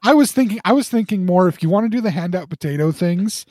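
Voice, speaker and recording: Podcast co-host, male, high animated voice, stammering rambler, dry sound. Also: fast talker, no echo. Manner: rambling, stammering repeats, chuckling. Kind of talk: casual podcast banter.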